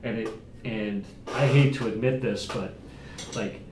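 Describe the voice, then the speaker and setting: Podcast guest, male, lower voice, candid storyteller, roomy recording with faint hiss. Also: fairly even intonation, unhurried, a little mellow. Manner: candid, talks with many restarts and fillers. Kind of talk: casual conversation. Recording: echoey room, mics at a distance, faint noise.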